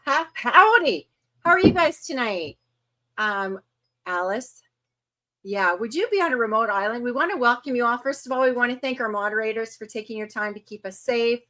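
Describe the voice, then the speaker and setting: A woman in her fifties hosting a casual livestream, chatty and quick to laugh as she greets viewers one by one. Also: a little high, expressive, sharp tone. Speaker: host.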